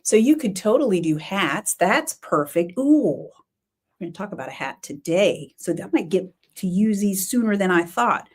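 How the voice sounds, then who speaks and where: A middle-aged woman hosting a knitting podcast, chatting casually and thinking aloud with quick exclamations. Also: medium pitch, animated, husky. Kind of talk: casual livestream chat.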